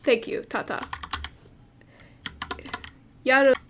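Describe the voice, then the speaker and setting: A woman talks casually on a livestream, with a slightly high voice, thinking aloud as she translates and often restarting her sentences. Keyboard typing clicks and a faint background hiss sit behind her. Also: takes it slowly. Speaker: streamer translating a manga.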